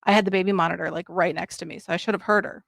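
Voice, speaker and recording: Woman in her 30s rambling thru a story as a podcast guest, lots of ums, gravelly voice, dry sound. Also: lowish voice, fairly even intonation, racing, fairly bright tone, no echo. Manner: rambling, many ums and quoted dialogue. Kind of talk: casual storytelling.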